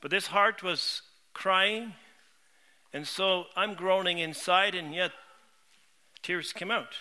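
High, sharp-toned middle-aged preacher. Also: male voice, slow pace. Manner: earnest, heartfelt storytelling with frequent word repeats. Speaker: pastor. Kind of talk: sermon.

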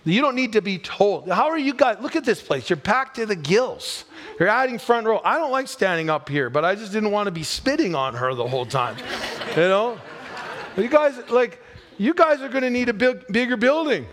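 A man's voice: high voice, animated, moderate pace, a bit bright. A man preaching as a guest in a church, conversational and joking with the congregation, with emphatic points. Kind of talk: sermon. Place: church sanctuary.

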